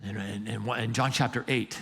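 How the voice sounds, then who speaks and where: A man's voice: on the low side, fairly even intonation, brisk, vocal fry, sharp tone, slightly rough. A man preaching a sermon as a pastor, in a casual, emphatic way, often repeating words as he builds up a point. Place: church sanctuary. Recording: long reverb of a church hall.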